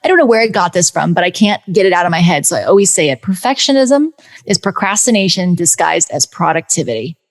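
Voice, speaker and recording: A woman's voice: on the low side, fast. A woman, a music producer and coach, talking animatedly as a podcast guest into a studio mic, full of fillers and acted-out quotes. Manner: animated, acts out quoted people, many fillers. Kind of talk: casual interview chat. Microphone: studio dynamic mic.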